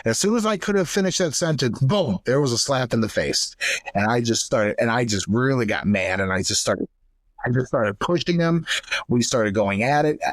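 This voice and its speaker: A young man's mid-range voice, lively in intonation and at normal speed, comes through clean studio sound with no echo. Co-hosting a podcast, he retells a painful family story candidly and emotionally, acting out others' voices.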